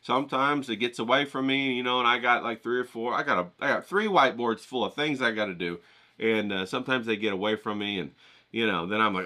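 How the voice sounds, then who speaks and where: A middle-aged man rambling casually to his viewers, profane and animated, acting out the voices of the people he quotes. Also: mid-range voice, fairly quick. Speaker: vlogger painting outdoors.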